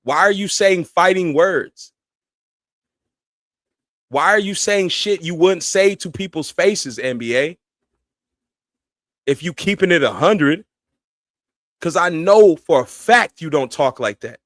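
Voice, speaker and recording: A man's voice: on the high side, lively intonation, takes it slowly, pauses often, a bit bright, no echo. A man hosting a live stream, giving casual commentary in a blunt, heated and profane way. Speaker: streamer host.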